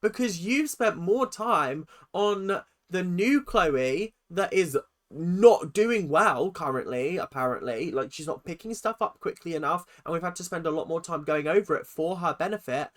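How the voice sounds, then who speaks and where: A young host in their twenties, ranting through a reaction video in a sarcastic, animated way and swearing freely. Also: mid-range voice, normal speed. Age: 20s.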